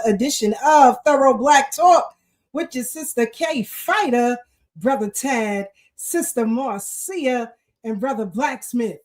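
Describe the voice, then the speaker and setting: A woman hosting a casual live talk show, animated and fired up, greeting her viewers with shout-outs. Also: fairly high pitch, slow pace, low-quality recording. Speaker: host.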